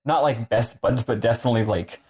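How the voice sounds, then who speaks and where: A man's voice: medium pitch, fairly quick, a little mellow. A man co-hosting a casual podcast, rambling and thinking aloud, correcting himself mid-thought. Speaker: podcast co-host.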